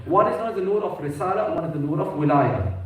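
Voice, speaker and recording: In an echoey mosque hall, picked up by a distant mic, a preacher gives a majlis in English, his voice on the high side. He's emphatic, rising into declamation and slipping in quick Arabic quotations.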